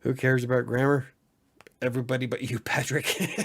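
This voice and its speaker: This podcast host and editor talks briskly at medium pitch, his voice gravelly with a breathy edge. On his laid-back live stream he answers the chat, joking and laughing a lot.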